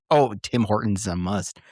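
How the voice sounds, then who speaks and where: A man's voice: on the low side, expressive, measured pace, darkish tone, dry recording, studio quality. A man co-hosting a podcast, chatting casually and laughing often. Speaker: podcast co-host. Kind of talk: casual chat.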